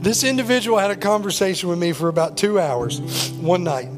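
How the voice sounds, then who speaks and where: A man preaching a sermon as pastor, swinging between loud pleading and hushed intensity. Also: high voice, brisk, music in the background.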